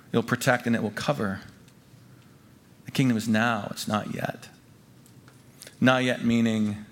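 A man preaching a sermon to his congregation as pastor. He talks emphatically, repeats key phrases and swings from hushed lines to loud ones. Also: medium pitch. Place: church gathering before a congregation.

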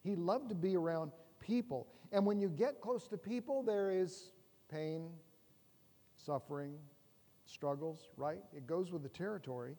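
High-voiced man preaching in a reverberant hall. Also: a little slow, mellow. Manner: conversational preaching with humor and rhetorical questions. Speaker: pastor. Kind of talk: sermon.

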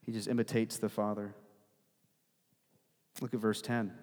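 A man's voice: lowish voice, little pitch movement, a little slow, darkish tone. Emphatic preacher man with echoing hall. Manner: emphatic, rhetorical, tags questions with "right?". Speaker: pastor. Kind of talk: sermon. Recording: long hall reverb.

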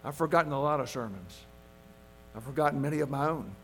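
A male pastor preaching a sermon in an earnest, measured way, driving points home with repetition. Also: mid-range voice, expressive, fairly bright tone, slight background noise.

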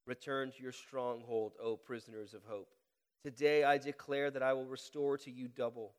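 A male pastor with a head cold preaches in a church, his voice carrying a long reverb through the hall. He reads scripture with a deliberately slowed cadence, rising in volume on key lines. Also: mid-range voice. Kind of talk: sermon with scripture reading and prayer. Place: church sanctuary.

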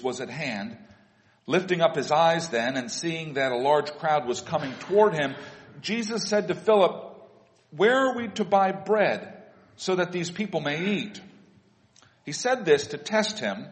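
A man leading a church service, reading scripture aloud in a measured, plain voice in a church sanctuary. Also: on the high side. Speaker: worship leader reading scripture. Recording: long reverb of a large room.

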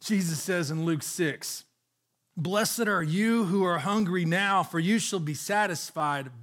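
Earnest higher-voiced male preacher. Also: slow, fairly bright tone. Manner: earnest preaching, reads scripture aloud, frequent restarts. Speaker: pastor. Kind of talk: sermon.

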